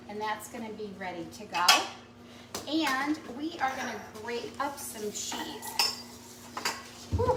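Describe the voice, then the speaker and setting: Slow-talking woman demonstrating a recipe. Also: fairly high pitch, echoey room, distant mic, very noisy. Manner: chatty step-by-step instructions with fillers. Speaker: cooking demonstrator. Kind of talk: live cooking demonstration. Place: kitchen.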